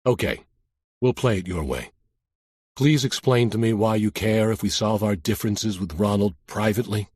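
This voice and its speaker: A man voicing a surly, cocky older mob boss with a Brooklyn accent and a gruff, tough-talking manner. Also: fairly high pitch, very animated, moderate pace, no echo, clean studio sound, pitched above the performer's own voice. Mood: cool.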